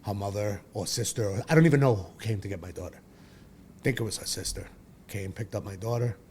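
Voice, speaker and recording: A man's voice: fairly low pitch, fairly quick, a little mellow, slight background noise. A man, telling his own story as a podcast guest in a blunt, profane, rambling way. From Brooklyn, New York. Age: 40s. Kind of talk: candid personal storytelling.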